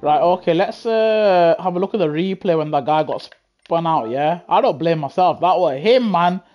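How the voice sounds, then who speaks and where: Man, British accent, young adult, excitable, chatty, live gameplay commentary, headset mic. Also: on the high side, normal speed, highs cut off, soft background music. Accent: British English. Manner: chatty, excitable, talks to chat. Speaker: gaming livestreamer. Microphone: gaming headset.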